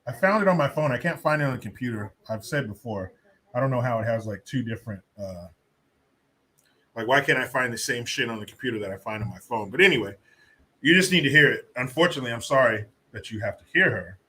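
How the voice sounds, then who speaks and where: A man's voice: medium pitch, animated, fast, pushed and bright. A man doing a profane, mocking video commentary, casual and scornful. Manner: casual storytelling with fillers. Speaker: vlogger.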